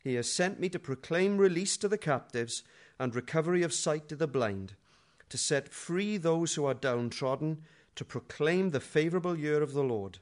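A middle-aged man preaching a sermon in a conversational, humorous way, moving between quiet asides and loud dramatic readings. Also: on the high side, lively intonation, moderate pace, hardly any pauses.

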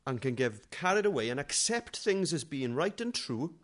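A middle-aged man preaching a sermon in a conversational, humorous way, moving between quiet asides and loud dramatic readings. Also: fairly high pitch, very animated, normal speed.

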